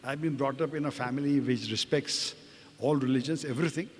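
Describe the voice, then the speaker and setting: A man's voice: mid-range voice, fairly quick. An older man, a doctor telling a personal story earnestly, often repeating words and acting out what others said. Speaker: doctor giving a talk. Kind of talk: personal testimony talk. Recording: large hall with faint ambience.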